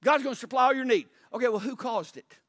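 A man preaching in a fairly high voice, firing pointed questions at his listeners and then pausing to let them sink in. The sound is dry and close, with no room echo. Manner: pauses for emphasis. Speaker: pastor. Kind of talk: sermon.

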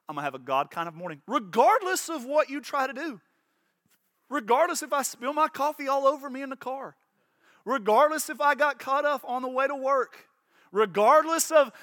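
A man's voice: very high voice, sharp tone, no echo, clean studio sound. A man preaching a sermon as pastor, impassioned, repeating words and acting out little voices.

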